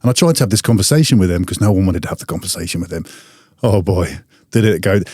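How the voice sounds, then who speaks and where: A man telling a workplace story as a podcast guest, animated and swearing freely. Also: sits low, fast, no echo, studio quality. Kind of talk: casual storytelling.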